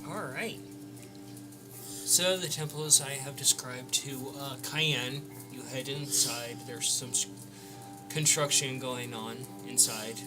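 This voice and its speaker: A man's voice: mid-range voice, fairly even intonation, takes it slowly. A man narrating as game master, playful and laughing often. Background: background music.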